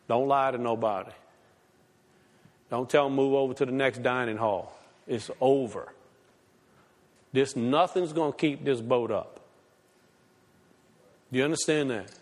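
A man preaching a sermon, swinging from fired-up, high exclamations to low, quiet asides. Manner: impassioned, swings from shouting highs to low asides. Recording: long hall reverb.

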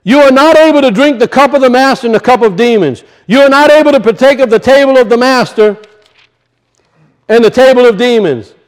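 A male pastor preaching a conversational sermon, acting out little voices and dropping low for asides. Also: a little fast.

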